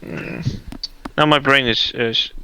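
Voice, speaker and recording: A man chatting casually on a stream, often pausing and searching for words. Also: medium pitch, very animated, creaky, sharp tone, low-quality recording. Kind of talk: casual chat.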